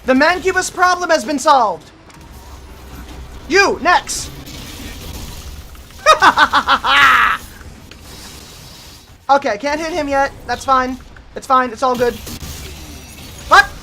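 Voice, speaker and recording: A woman streamer giving live gameplay commentary, excitable, yelling and cursing at enemies and cheering her wins. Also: high-pitched, slow pace, pauses often, background noise.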